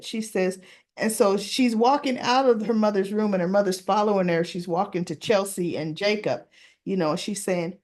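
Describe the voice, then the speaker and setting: A woman hosting a soap opera recap, retelling the episode in a casual chat and acting out the characters' lines in a higher voice. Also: moderate pace. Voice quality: acts out characters' lines in a higher voice, chatty and animated.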